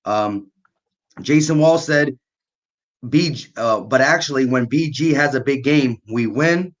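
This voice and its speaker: A man co-hosting a casual fan sports stream, talking in a relaxed way and reading out viewer comments. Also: medium pitch, measured pace. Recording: dull lo-fi stream audio.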